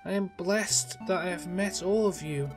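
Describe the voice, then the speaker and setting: A man reading the lines of a calm male Pokémon hero in a measured, plain voice. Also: sits high, music in the background. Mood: solemn.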